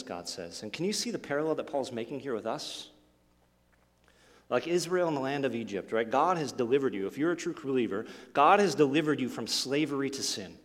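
A man preaching a sermon as pastor, asking the congregation rhetorical questions and swinging from forceful lines to hushed ones. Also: medium pitch, big-room sound. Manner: expressive preaching with rhetorical questions, sudden drops to near-quiet.

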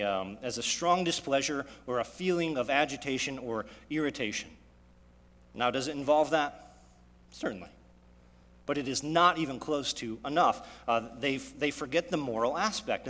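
A man's voice: mid-range voice, fairly bright tone. A man in his thirties preaching a sermon, driving his points home with frequent rhetorical questions. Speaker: pastor. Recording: long hall reverb.

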